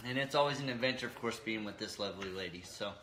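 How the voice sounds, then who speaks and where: A man's voice: lowish voice, quick pace, sharp tone, roomy sound, a little hiss or hum, rough recording. A middle-aged man co-hosting a casual cooking vlog with his wife, easygoing and jokey, laughing often. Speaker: co-host. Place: home kitchen.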